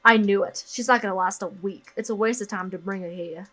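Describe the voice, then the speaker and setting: A woman's voice: medium pitch, fairly even intonation, a little fast, fairly bright tone, lightly acted. A woman reading the lines of a blunt, dismissive young man from a story game. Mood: scornful. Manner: curt, scornful lines read aloud.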